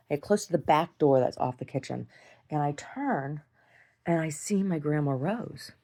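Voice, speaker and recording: A low-pitched woman with a darkish tone tells a long story in a casual video diary. She rambles, starts sentences over, and laughs often while talking.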